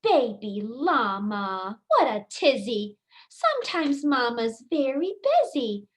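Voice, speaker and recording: A gentle, patient mother llama from a picture book, as a woman reading aloud puts her on. She talks slowly and softly in a high, reassuring voice. Each word is drawn out. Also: very animated. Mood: soothing.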